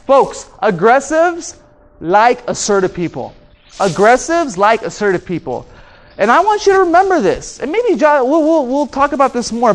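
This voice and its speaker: Animated man giving a motivational training talk. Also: very high-pitched, slight background noise. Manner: animated, acts out dialogue with voice changes. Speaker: speaker and trainer.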